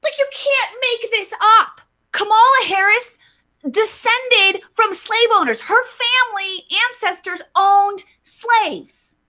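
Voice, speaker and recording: A woman's voice: extremely high pitch, slow, sharp tone. A woman hosting a live vlog, ranting heatedly with emphatic stress and stumbling restarts while reading viewer comments. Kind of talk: impassioned live political rant.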